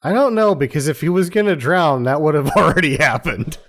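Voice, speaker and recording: A man's voice: on the high side, expressive, brisk, fairly bright tone. A man co-hosting a podcast, trading dry wisecracks about a movie. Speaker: podcast co-host. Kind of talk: casual comedic movie chat.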